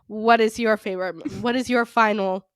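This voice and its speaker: A woman's voice: mid-range voice, fairly even intonation, normal speed, dry recording. A woman co-hosting a casual fan podcast, gushing and rambling with enthusiasm about favorite moments. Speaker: podcast co-host.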